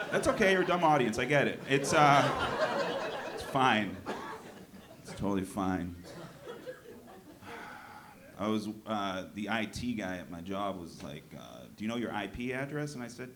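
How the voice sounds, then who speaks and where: A man doing a stand-up set, telling deadpan one-liners and now and then breaking into loud outbursts at the audience. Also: fairly low pitch, a little slow, long pauses. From New Hampshire. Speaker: stand-up comedian. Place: comedy club stage. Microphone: handheld stage mic. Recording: live club recording with crowd noise. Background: audience laughter.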